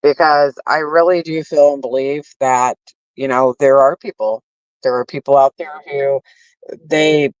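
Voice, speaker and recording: A woman's voice: rumbling low, no room sound. Blunt, swearing woman ranting to viewers. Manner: blunt, heavy swearing, many fillers; addresses viewers directly. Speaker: commentary streamer. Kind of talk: casual opinion rant. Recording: dull lo-fi stream audio.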